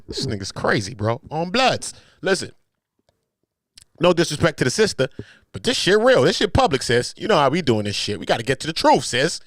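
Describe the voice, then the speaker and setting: A man hosting a live reaction show. He reads a document aloud and comments on it in an animated, profane way, swinging between shouting and muttering. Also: a little high, normal speed, no echo. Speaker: host.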